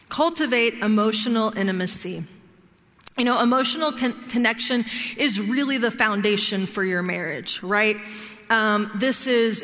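Bright-voiced woman teaching in a hall. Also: fairly high pitch. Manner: checks in often with "right?" and "all right?". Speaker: marriage workshop teacher. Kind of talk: conversational teaching talk.

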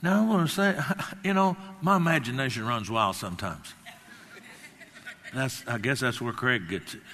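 A man's voice: medium pitch, expressive, moderate pace, fairly bright tone, big-room sound, slight background noise. An older man preaching a sermon, speaking emphatically, acting out quotes and wandering into personal stories. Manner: emphatic, acts out quotes, rambling anecdotes.

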